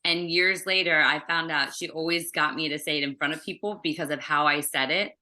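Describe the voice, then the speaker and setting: A woman from Maryland in an interview, telling family stories in a casual, animated way. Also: sits low, fairly quick. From Maryland, USA. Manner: animated storyteller, acts out family voices. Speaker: interview guest.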